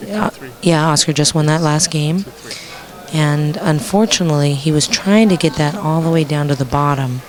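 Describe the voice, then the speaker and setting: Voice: medium pitch, normal speed. A commentator calling a pool match on a live stream, chatty and jokey, laughing easily. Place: pool hall. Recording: pool hall crowd audible behind.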